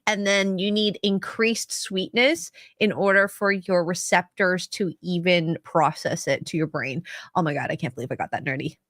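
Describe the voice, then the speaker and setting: A woman co-hosting a casual chat, bubbly and quick to laugh. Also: fairly low pitch, fairly bright tone, no echo, clean studio sound.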